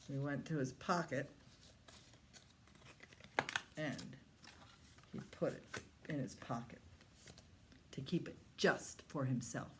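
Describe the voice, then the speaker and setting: A woman librarian reading a story aloud to young children in an expressive storytime manner. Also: extremely low pitch, noisy background. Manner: slow, expressive, talks to young listeners.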